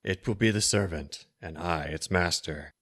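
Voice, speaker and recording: A man voicing a cruel, frail old sorcerer in a storybook reading, speaking raspy, slow and cold with a hissing edge. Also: low voice, fairly bright tone, no echo, studio quality. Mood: menacing. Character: cruel menacing old male sorcerer, frail yet powerful.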